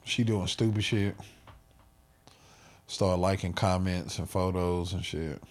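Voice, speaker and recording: A man's voice: low voice, slow pace. A man hosting a podcast, telling stories in casual, profane banter and laughing often. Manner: animated, laughing, profane storytelling. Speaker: podcast host.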